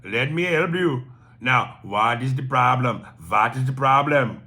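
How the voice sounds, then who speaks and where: Man putting on a flustered customer-service agent, Indian accent, high strained pleading voice, bright forceful tone. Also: a little slow.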